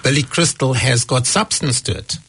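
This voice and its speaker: Man, mid-pitched voice, gravelly, husky, casual joke telling. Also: lively intonation, moderate pace, a bit bright. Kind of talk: casual debate about comedy.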